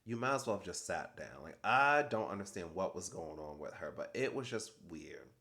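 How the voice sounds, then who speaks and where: A man's voice: low voice, big pitch swings, normal speed, bright, forceful tone. A man casually recapping a reality TV episode, chatty and gossipy, acting out quoted lines in playful mock voices. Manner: chatty and gossipy, laughs at his own jokes.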